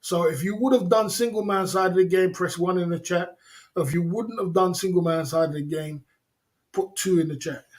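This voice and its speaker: A man's voice: high voice, normal speed. A man hosts a casual livestream, telling a long, rambling story, repeating himself, chuckling and speaking straight to the chat. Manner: rambling, repetitive, chuckles often, talks to the chat. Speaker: livestream host.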